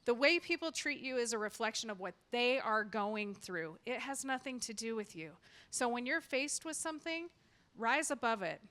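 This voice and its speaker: A woman's voice: a little high, animated, normal speed. A woman hosting a live community event, speaking in a heartfelt way and telling stories. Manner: warm, heartfelt, repeats her motto. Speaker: event host, nonprofit founder. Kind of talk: emotional live event speech. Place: event hall with audience.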